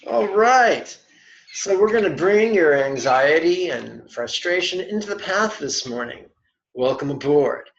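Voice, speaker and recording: A man teaching meditation in an online lesson, speaking deliberately and dropping in playful, wry asides. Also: on the high side, expressive, creaky. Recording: dull lo-fi webinar audio.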